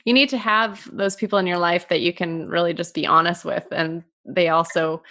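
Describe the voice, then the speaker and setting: A woman's voice: fairly low pitch, steady tone, normal speed, fairly bright tone. Affirming woman podcast host. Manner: affirming, frequent mm-hmms. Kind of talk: casual podcast conversation.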